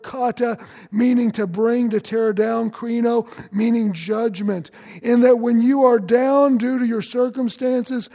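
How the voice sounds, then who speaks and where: A man's voice: very high-pitched, mellow, in a large hall. A man preaching a sermon as pastor, earnest and direct, questioning his congregation.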